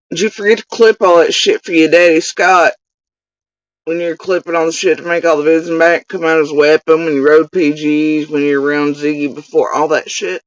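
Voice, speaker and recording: Man, higher-pitched voice, angry cursing rant, dull dry lo-fi sound. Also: no room sound. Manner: profane, accusatory, insulting. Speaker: channel host. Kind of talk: angry direct-to-camera rant.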